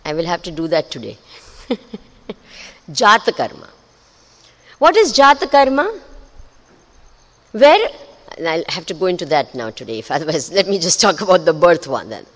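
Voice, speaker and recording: A woman's voice: fairly low pitch, very animated, normal speed, long pauses. A woman spiritual teacher giving a discourse to a live audience, often asking them questions and laughing between points. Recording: long hall reverb.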